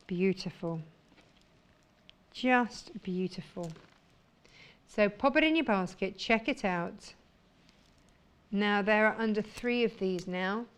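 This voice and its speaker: A woman presenting sewing products on a live shopping channel, talking with gushing enthusiasm. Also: medium pitch. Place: TV studio.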